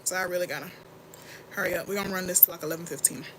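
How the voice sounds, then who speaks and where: A young woman chats in a bright, forward voice as she gets ready live on camera, rambling candidly and reacting to her viewers' comments. Her voice is close to a phone or webcam mic, with a faint room hum underneath. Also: fairly low pitch, very fast. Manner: candid, rambling and animated, reads and answers chat. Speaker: livestream host. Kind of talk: casual get-ready-with-me livestream chat.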